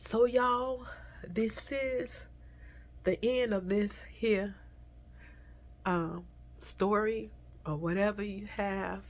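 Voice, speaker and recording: A woman vlogger tearfully telling a personal story to her viewers, speaking softly and haltingly, at times dropping to a whisper. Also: mid-range voice, steady tone. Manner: soft, halting, slips into whispers, addresses viewers as y'all.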